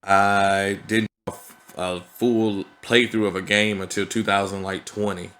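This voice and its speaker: A man with a low, bright and forceful voice talks through his thoughts in a casual vlog. He is earnest and conversational and keeps checking in with his listeners. His speech has a flavor. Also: little pitch movement, measured pace. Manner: earnest and conversational, peppered with "you know what I mean". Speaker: vlogger. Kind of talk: reflective casual vlog talk.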